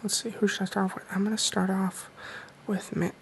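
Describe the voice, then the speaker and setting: A man telling a mock-serious story in a soft-spoken, deadpan ASMR style. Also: sits high, fairly quick, gravelly, a little hiss or hum, rough recording. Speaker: ASMR creator.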